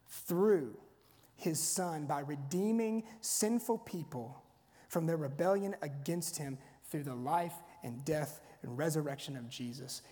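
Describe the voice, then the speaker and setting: A man's voice: on the high side, darkish tone. A man preaching a sermon in a conversational, storytelling way, often restarting his phrases. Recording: long hall reverb.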